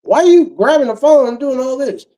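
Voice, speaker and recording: A man voicing an angry young mother, shrill and indignant, pitched well above his own voice. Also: lively intonation, moderate pace, far from the mic. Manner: high-pitched, indignant shouting.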